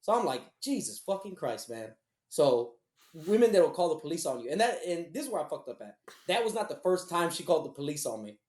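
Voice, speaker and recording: A man with a fairly high voice co-hosts a podcast, telling his story in a loose, cursing, animated way. The sound bounces around an echoey room. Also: fast talker. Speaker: podcast co-host. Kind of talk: casual storytelling chat.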